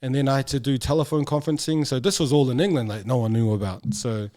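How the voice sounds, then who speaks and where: A man's voice: mid-range voice, fast. A man speaking as a guest, a former rugby player, talking bluntly and swearing freely in a casual interview, often acting out other people's voices. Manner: blunt and profane, animated with quoted voices.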